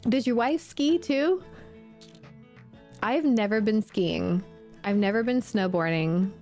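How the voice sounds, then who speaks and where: Thirtyish gamer woman, chatty and giggly, mid-pitched, reads on-screen text as she plays. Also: slow pace, warm tone, soft background music. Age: 30s. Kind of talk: casual let's play commentary.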